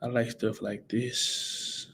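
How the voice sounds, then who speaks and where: Young dude on a livestream, chill, answering the chat. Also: male voice, medium pitch, slow, creaky. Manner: relaxed, chatty, answers viewers by name. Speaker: livestream host, college football player. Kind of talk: casual livestream chat reading viewer comments.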